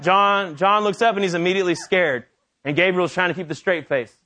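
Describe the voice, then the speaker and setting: High-voiced, animated male preacher. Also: a little fast. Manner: animated, conversational storytelling. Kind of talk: sermon.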